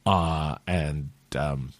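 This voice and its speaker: An American man co-hosting a podcast, chatting casually and jokily, rambling with restarts and slipping into quick silly put-on voices. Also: a bass voice, steady tone, dry recording. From United States. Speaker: podcast co-host. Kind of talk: casual chat.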